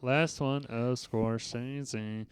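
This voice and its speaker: A man's voice: medium pitch, fairly even intonation, very slow, clean tone, dry recording, clean studio sound. A man hosting a casual movie review podcast, talking loosely and swearing now and then. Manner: loose, swearing, laid-back. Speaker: podcast host.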